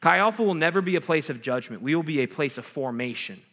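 Fast and animated, a campus ministry pastor delivers a sermon in a fairly high, forceful voice, conversing with his audience and asking "right?" and "okay?" along the way. He alternates between powerful, loud points and softer asides.

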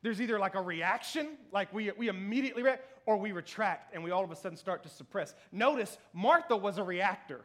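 A man's voice: sits high, a little fast, hardly any pauses, fairly bright tone. A man in his thirties preaching a sermon in church, chatty and self-deprecating, often laughing. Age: 30s. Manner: conversational, self-deprecating, frequent laughter and "you know what I mean". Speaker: pastor.

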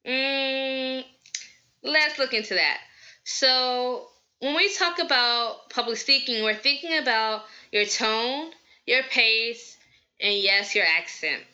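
An energetic, bubbly woman from the American South, hosting a podcast with casual, chatty advice. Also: sits high, slow, highs cut off. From Southern United States. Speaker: podcast host.

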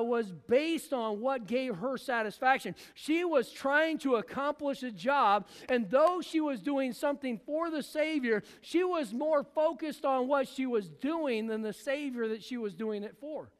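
A man delivers a sermon from the pulpit, his voice unusually high for a man. He acts out the people in the story as he preaches. A long church reverb trails behind every phrase. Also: unhurried, fairly bright tone, clean tone. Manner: preaching with acted-out voices of biblical figures. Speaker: pastor.

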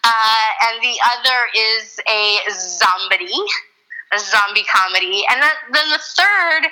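A woman actress chatting casually in an interview, full of fillers and quick laughs. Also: on the high side, pushed and bright, rough recording. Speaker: actress, guest.

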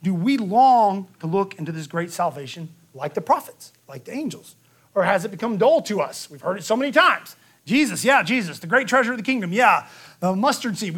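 A man preaching a sermon, telling the story lively and acting out the quotes, with a frequent "okay?" to the room. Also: high-pitched, a little fast, slightly rough. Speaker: pastor.

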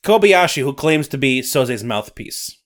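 A man's voice: mid-range voice, big pitch swings, a little slow. A man voicing a sly male Loch Ness monster with a put-on Scottish accent, telling a tale in a dramatic, theatrical way for a comedy podcast bit. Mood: dramatic storytelling. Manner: dramatic narrating, rolled-up storytelling.

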